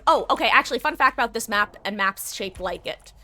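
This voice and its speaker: A woman's voice: medium pitch, lively intonation, a little fast, sharp tone. A woman live-streaming a video game, chatting casually and explaining tactics to her viewers. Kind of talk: casual gameplay commentary.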